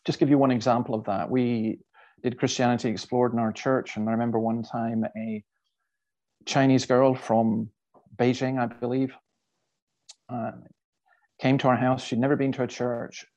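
Animated male storyteller with a medium-pitched voice. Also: moderate pace, long pauses, muffled recording. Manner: animated storyteller who repeats words and restarts sentences. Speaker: Christian speaker and evangelist. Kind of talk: storytelling talk to a church audience.

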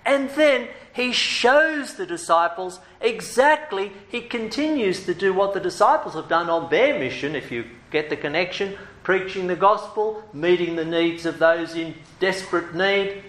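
A man preaching a sermon in a lively, humorous way, with playful asides. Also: sits high, unhurried, hardly any pauses, echoey room.

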